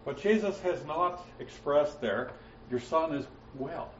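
A man teaching verse by verse through a Bible passage, with frequent "uh" fillers and slowing down to stress quoted words. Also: on the high side, slight background noise. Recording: roomy, muffled, mic at a distance.

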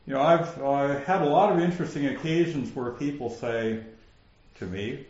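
A man's voice: mid-range voice, moderate pace, darkish tone, roomy sound, muffled recording. A man with a northern Minnesota accent teaching a Bible passage, his questions rising so little they sound like statements.

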